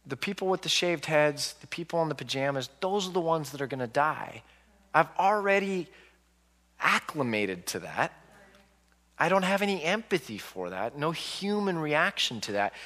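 40s guy giving a lecture, bright voice, lively storyteller, big hall reverb. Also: fairly high pitch, normal speed. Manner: animated storytelling, acting out quoted reactions. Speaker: public speaker and author. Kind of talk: lecture to a live audience.

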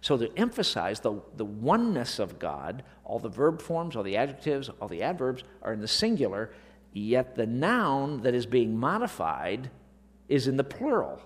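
A man teaching a Bible lesson in sermon style, animated and full of rhetorical questions. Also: mid-range voice, moderate pace. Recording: long reverb of a large hall.

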